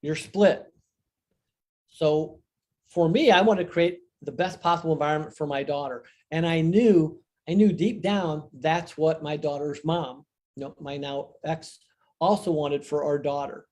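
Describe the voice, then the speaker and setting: A man's voice: a little high, a little slow, darkish tone. An older man, a guest author and coach, telling a personal story in an earnest, reflective way over a video call. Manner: earnest, reflective, emphatic on key phrases. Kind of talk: conversational interview storytelling.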